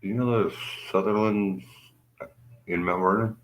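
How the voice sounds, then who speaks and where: A middle-aged man with a very deep voice banters through a casual livestream. He drops dry jokes and mumbled asides, and the lo-fi audio sounds dull and muffled. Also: steady tone, measured pace. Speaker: livestream co-host.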